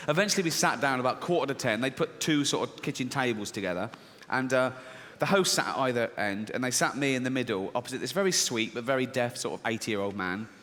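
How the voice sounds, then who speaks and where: A man's voice: medium pitch, fairly bright tone, in a large hall, a little hiss or hum. Man in his sixties doing stand-up. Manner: conversational storytelling with acted dialogue. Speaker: stand-up comedian. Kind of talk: stand-up comedy set. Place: large theatre stage.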